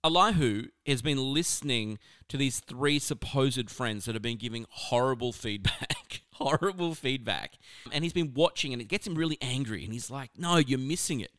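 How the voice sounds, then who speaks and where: A man giving a casual, conversational sermon on scripture, animated and full of asides. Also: mid-range voice, moderate pace, hardly any pauses, no room sound, clean studio sound. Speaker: preacher.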